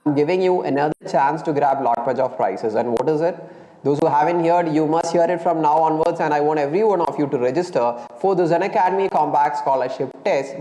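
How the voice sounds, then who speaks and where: Energetic Indian physics teacher, echoey room. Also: male voice, on the high side. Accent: Indian English. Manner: energetic, mixes Hindi into English, addresses students as kids. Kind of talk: live online class promo talk. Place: indoor room, live stream. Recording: roomy echo, faint background ambience.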